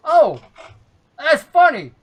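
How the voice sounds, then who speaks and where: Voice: high-pitched, very animated, slow, pitched above the performer's own voice, full character voice. A game master voicing a small, cocky male halfling ship crewman who fancies himself a ladies' man, in a folksy drawl. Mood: flirty, boastful. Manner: folksy, boastful, drawls "ain't ya".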